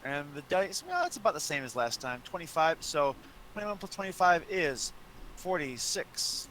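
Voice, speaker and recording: Eager, bright-toned male player. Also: a little high, moderate pace, a little hiss or hum. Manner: eager, stumbling restarts, excitable. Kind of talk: casual play at the table.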